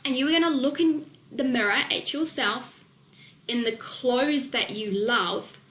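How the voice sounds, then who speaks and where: Woman, New Zealand accent, webinar presenter; quick and technical, slightly high-pitched, echoey room. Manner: fast, excitable, technical talk with fillers. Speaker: nutrition coach presenting a webinar.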